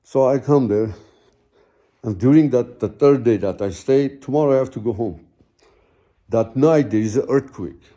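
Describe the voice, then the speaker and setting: Man, storyteller. Very dark, mellow tone, middle pitch; heartfelt, rambling, casual asides. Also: moderate pace, pauses often. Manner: rambling, heartfelt, full of "you know" and "man". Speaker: vlogger telling his own story.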